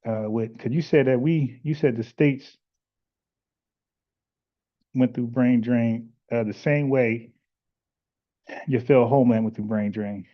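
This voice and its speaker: A man hosts a call-in stream, pressing his points bluntly and circling back with restarts and filler words. His voice sits at an ordinary pitch, and the audio comes through a little muffled and lo-fi. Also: takes it slowly, pauses often. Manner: blunt, argumentative, lots of "like" and restarts. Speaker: podcast host taking callers. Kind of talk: casual live-stream chat with callers.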